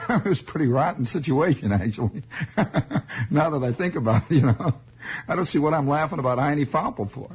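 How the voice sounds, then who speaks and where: A man's voice: on the high side, expressive, normal speed, breathy edge. A man hosting a radio show who tells a rambling, digressive childhood story and chuckles as he goes. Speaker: radio host. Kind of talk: improvised radio storytelling monologue. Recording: dull lo-fi 1960s radio broadcast.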